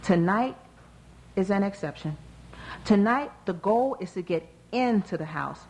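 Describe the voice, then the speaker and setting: A woman's voice: medium pitch, animated, unhurried, darkish tone, pitched above the performer's own voice, poor audio. A woman voicing a bold, brash young woman, an older sister who talks bluntly and swears. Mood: defiant.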